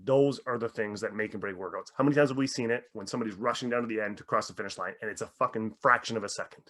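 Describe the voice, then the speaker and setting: Animated, swearing man, mindset coach. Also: fairly low pitch, very fast. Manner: animated storyteller, swears freely. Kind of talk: podcast interview.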